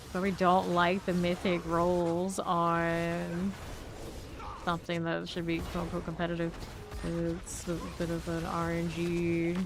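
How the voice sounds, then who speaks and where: A woman's voice: on the low side, background noise. Chatty woman game streamer. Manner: chatty, reads chat aloud and answers it, with quick asides; mutters item names while looting. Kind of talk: casual live-stream chat while playing.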